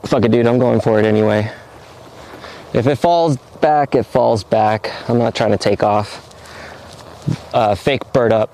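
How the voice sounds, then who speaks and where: A man's voice: medium pitch, unhurried, long pauses, noisy background. Panting man on an outdoor stream. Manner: breathless, excited self-talk while running a wing. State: out of breath. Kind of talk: casual outdoor live-stream commentary. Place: open hilly field outdoors. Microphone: portable streaming rig.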